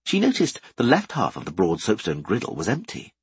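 Husky, lively male fantasy narrator. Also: lowish voice, fairly quick. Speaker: audiobook narrator.

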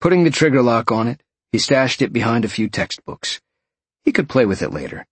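A man narrating an audiobook in a lively storytelling way. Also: mid-range voice, brisk, slightly rough, dry recording.

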